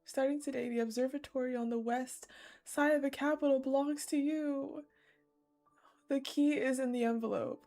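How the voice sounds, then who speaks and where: A woman reading a queen mother's loving letter to her son, gently and slowly. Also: high-pitched, steady tone, faint music behind. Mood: tender.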